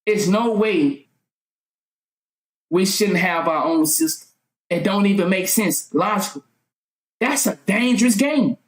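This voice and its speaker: A woman vlogger delivering a fervent monologue full of rhetorical questions, at times yelling and swearing freely. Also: mid-range voice, lively intonation, measured pace, pauses often. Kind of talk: impassioned monologue. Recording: roomy echo.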